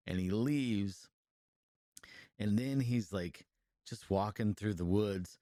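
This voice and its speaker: Man, lowish voice, podcast co-host, casual swearing movie recap, lots of fillers, dry close sound. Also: measured pace, dark tone, no room sound. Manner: rambling and profane, full of fillers and restarts, laughs while telling. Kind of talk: casual chat, retelling a film.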